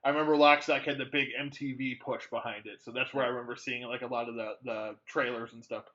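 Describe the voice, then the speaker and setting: A man's voice: mid-range voice, steady tone, quick pace, bright, forceful tone, lo-fi sound. A man co-hosting a movie podcast, chatting casually with a rambling delivery full of fillers and restarts. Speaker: podcast co-host. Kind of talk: casual movie-review chat.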